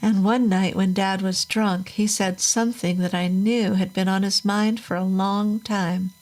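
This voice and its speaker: A woman reading a first-person horror story aloud in a measured, unhurried storytelling manner. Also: mid-range voice, steady tone, darkish tone, poor audio. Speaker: narrator. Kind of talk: scripted horror story narration.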